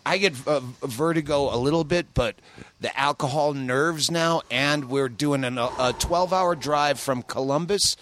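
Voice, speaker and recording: Man rambling through a story, slightly high. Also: unhurried, fairly bright tone, a little hiss or hum. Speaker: guest comedian. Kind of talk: casual chat. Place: outdoors by a pool.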